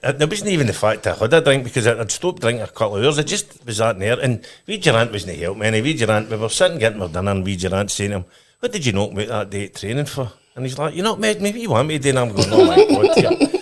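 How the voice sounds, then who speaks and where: Animated Scottish man spinning yarns. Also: fairly low pitch, fast. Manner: animated storyteller, restarts often. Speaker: podcast guest, former footballer. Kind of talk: casual chat, telling anecdotes.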